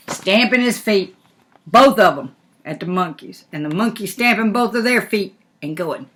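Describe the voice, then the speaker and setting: An older woman, a grandmother, reading a picture book aloud in an animated way and asking the listener questions. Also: medium pitch, a little slow. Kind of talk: storybook read-aloud.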